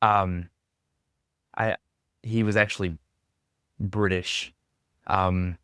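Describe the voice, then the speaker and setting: Lower-voiced American man, rambling and easygoing. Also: fairly even intonation, very slow, fairly bright tone, clean tone, no room sound, studio quality. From Tennessee, USA. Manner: rambling and self-deprecating, often laughing. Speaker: podcast guest. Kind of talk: casual conversation. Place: backpacker hostel.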